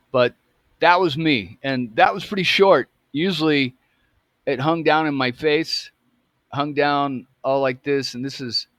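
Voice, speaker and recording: A man's voice: medium pitch, fairly bright tone, no echo, clean studio sound. A man in his fifties telling a personal story in a casual, rambling way, often correcting himself. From United States. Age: 50s. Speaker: vlogger.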